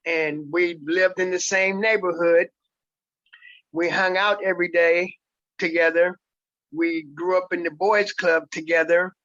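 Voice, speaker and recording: A man in his sixties from San Francisco, a stage actor interviewed as a guest, telling stories in a slow, relaxed way. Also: on the high side, dry recording, highs cut off. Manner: slow, relaxed storytelling with repeated words. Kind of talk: casual interview chat.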